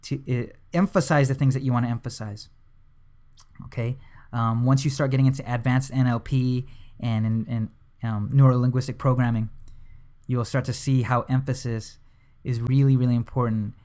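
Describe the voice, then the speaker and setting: A young man teaching hypnosis in a relaxed, conversational way, with frequent fillers and restarts. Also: mid-range voice, moderate pace. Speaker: hypnosis instructor. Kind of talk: casual instructional talk to camera.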